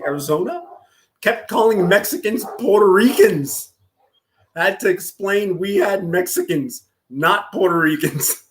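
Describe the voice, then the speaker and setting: A man from Los Angeles chats on a live stream, crude and joking as he reads messages aloud. His voice sits high. He talks at an unhurried, drawn-out pace. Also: slight background noise. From Los Angeles, California. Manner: crude, joking, often laughing. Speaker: streamer reading chat. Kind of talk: casual live-stream chat.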